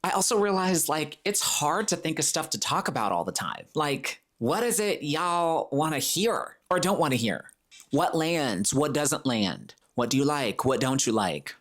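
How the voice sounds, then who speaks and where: A man's voice: fairly high pitch, very animated, unhurried, a bit bright. Male solo podcast host, casual chatty delivery, playful, drops into comic impressions. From Florida. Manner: chatty, playful, slips into comic voices for quotes.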